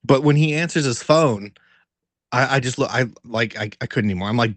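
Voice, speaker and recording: A man in a podcast chat tells a story with a lot of energy. He swears often, drops plenty of fillers and laughs as he goes. His voice is mid-pitched and sits in a dry, dead-sounding room. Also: normal speed, no echo. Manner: animated, profanity-heavy storytelling with many fillers; laughs while telling the story. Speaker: podcast co-host. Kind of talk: casual chat.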